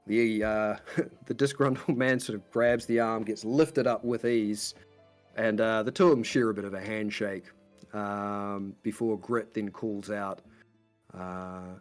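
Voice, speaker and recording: A man's voice: on the low side, a little slow, faint music behind. A man narrating a tabletop game as game master, describing scenes in a meandering, detailed way.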